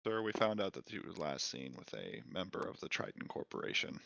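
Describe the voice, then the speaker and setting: A man's voice: low voice, sing-song, a little fast, vocal fry, sharp tone, no echo, muffled recording, exaggerated voice. A man voicing a formal officer who solemnly reports bad news to a father.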